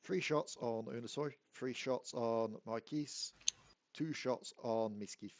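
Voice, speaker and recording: A man's voice: medium pitch, takes it slowly, muffled recording. A man running a tabletop game as dungeon master, counting out dice rolls and reading rules, often laughing.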